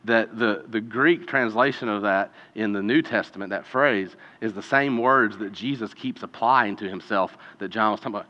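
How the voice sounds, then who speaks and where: Bright-voiced pastor preaching in a reverberant hall. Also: male voice, fairly low pitch, normal speed. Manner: conversational, builds to emphatic peaks. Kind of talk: sermon. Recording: dull lo-fi sound with long hall reverb.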